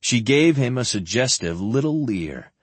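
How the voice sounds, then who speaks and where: A man reading an audiobook in a measured narrating style. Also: medium pitch, very animated, husky, no echo. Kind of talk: scripted narration.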